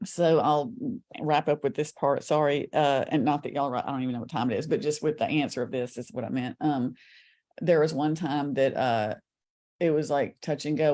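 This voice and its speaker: A woman guest on an interview show, telling a story in an earnest, animated way. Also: deep voice. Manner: animated storyteller, earnest, talks with shifting speed.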